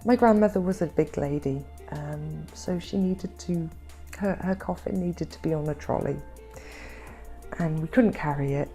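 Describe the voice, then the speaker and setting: A woman vlogger recounting her family estrangement in an emotional, halting way, repeating words when upset and close to tears at times. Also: sits low, dark tone, faint music behind. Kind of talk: personal storytelling.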